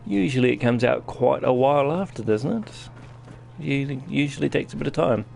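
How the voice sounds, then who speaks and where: A man's voice: medium pitch, lively intonation, brisk, creaky, a little mellow, soft background music. A man with a New Zealand accent giving casual live-stream commentary while playing a game, chatting to his viewers as he goes. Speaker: gaming streamer.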